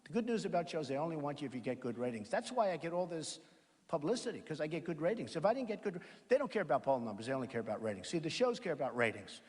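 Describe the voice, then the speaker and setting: A man addresses a crowd at a campaign rally. His voice sits a touch high and swings up and down in lively bursts as he rambles and boasts, repeating his points. The sound carries the long echo of a large hall. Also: fast talker. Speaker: political candidate. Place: large hall at a college event. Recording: echoey reverb of a large hall.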